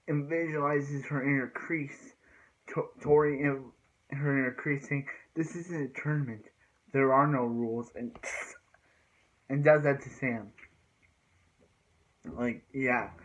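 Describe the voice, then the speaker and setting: A man's voice: fairly high pitch, a bit bright, muffled recording. A man casually recapping TV fight scenes, rambling with filler words and sound effects. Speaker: show recap vlogger.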